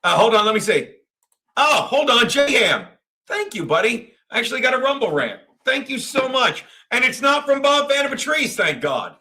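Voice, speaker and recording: A livestream host with a very high, sing-song, pushed and bright voice talks at normal speed. He delivers a crude, profane, rambling rant, often laughing as he reads messages from chat.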